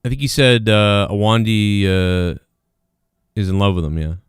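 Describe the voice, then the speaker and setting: A man's voice: fairly low pitch, moderate pace, clean tone, dry recording, studio quality. A man hosting a livestream, rambling in casual commentary with many fillers and restarts, sometimes sarcastic as he reads the chat. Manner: sarcastic, mocking. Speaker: livestream host reading chat.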